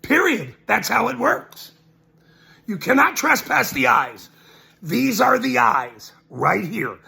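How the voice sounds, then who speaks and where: An Irish citizen journalist rants to camera in a high-pitched, sing-song voice that's gravelly, pushed, and bright, delivered at a slow pace. He mocks, laughs between lines, and hammers his points home by repeating them.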